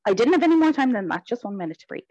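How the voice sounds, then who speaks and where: A woman's voice: on the high side, rapid-fire, dry recording, muffled recording. Chatty woman with a dry sound. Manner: chatty, goes off on tangents, animated. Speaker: guest. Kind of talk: casual interview chat.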